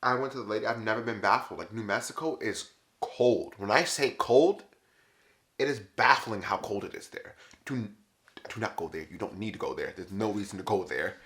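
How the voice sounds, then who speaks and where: A man telling travel stories in a casual, animated, exasperated way. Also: fairly low pitch, moderate pace. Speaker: vlogger. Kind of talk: casual storytelling. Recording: echoey room.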